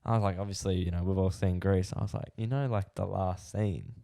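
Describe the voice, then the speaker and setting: A man's voice: sits low, a little fast, vocal fry. A young Australian man co-hosting a podcast, telling a rambling story in casual chat, full of fillers. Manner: rambling, filler-heavy, animated retelling. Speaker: podcast co-host.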